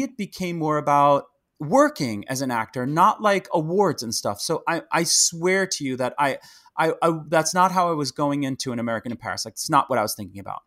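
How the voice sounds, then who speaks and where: A middle-aged man tells a story as a podcast guest. His voice sits a bit high for a man, and he talks in an animated way with many fillers and restarts. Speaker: podcast guest, Broadway actor. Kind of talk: casual interview chat.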